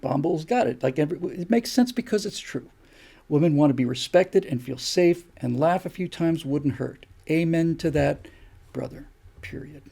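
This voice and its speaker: A man's voice: on the high side, animated, moderate pace, creaky, dark tone, slightly rough. An older man hosting a show, delivering an opinion monologue with emphatic, repeated rhetorical questions. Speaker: show host.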